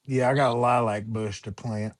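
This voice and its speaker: A man's voice: mid-range voice, fairly even intonation, normal speed. A man co-hosting a podcast, blunt and swearing freely in casual chat.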